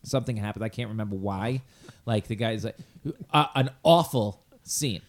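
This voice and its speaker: A man with a Long Island accent, a podcast host telling funny dating stories in casual chat. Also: lowish voice. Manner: animated, jokey, quick asides. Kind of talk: casual comedic storytelling.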